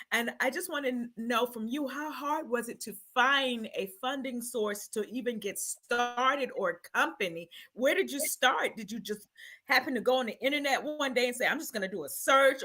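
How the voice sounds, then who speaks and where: A woman's voice: a little high, pushed and bright. A woman hosting an interview, encouraging her guest with frequent short prompts. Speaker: interview host.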